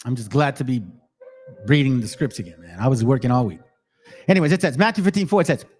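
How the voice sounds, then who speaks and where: A man giving a casual, excitable scripture study, reading verses and then explaining them in slang, often repeating words. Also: mid-range voice, fast. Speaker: bible teacher.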